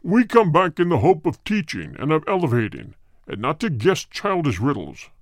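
Man voicing a male spirit, deep, cold and hard, terse, aloof, storybook reading, dry sound. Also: wildly swooping pitch, normal speed, dry recording. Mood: cold, solemn. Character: cold deep-voiced male spirit speaking through a medium. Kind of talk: audiobook reading.

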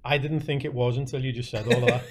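A man's voice: mid-range voice, steady tone, fast. Young man, podcast host, chatty and laughing, rambling anecdotes. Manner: laughs a lot, rambling storyteller. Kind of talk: casual chat.

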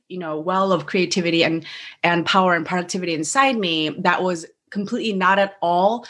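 A woman speaks as a guest in a relaxed podcast chat. She thinks aloud in a winding way and leans on lots of filler words. Her tone stays informal and conversational. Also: medium pitch. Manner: rambling, filler-heavy with "like" and "you know".

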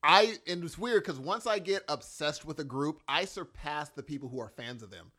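A man's voice: a little high, normal speed. A man in his forties in casual chat, telling emotional stories and acting out what people said. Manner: animated, emotional storyteller with acted-out quotes.

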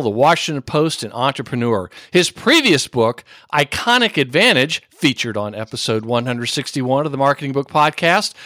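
A man's voice: on the high side, fairly bright tone, no room sound, clean studio sound. A man hosting a podcast, reading a playful scripted introduction and chatting with a guest, laughing easily. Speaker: podcast host.

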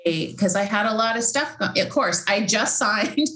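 A woman's voice: medium pitch, expressive, moderate pace, sharp tone, roomy sound, rough recording. A woman, an author, talking casually and heartfelt about faith, rambling with many fillers and restarts. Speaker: Christian author and podcast host.

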